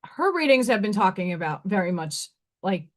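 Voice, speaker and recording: In a mid-range voice with big pitch swings, a live stream host and oracle card reader speaks at normal speed with a Staten Island, New York accent. Her casual talk is frank, sprinkled with swearing, and full of restarted sentences.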